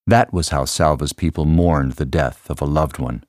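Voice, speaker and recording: A man reading a story aloud as narrator in a measured manner, raising his voice for quoted lines. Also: rumbling low, darkish tone, dry recording, studio quality. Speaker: audiobook narrator. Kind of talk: scripted narration.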